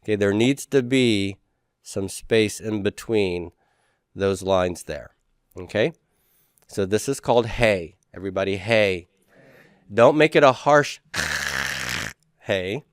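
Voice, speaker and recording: A man's voice: lowish voice, unhurried, long pauses, clear, resonant tone, dry recording, clean studio sound. A man teaching a class, talking casually and repeating letter names for students to say back. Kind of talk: classroom lecture.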